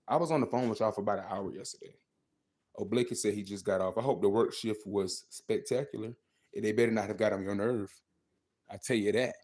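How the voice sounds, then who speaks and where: Young man chatting on a livestream. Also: on the low side. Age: 20s. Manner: animated, swings between loud outbursts and mumbled asides. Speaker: livestream host. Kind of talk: casual livestream chat with viewers.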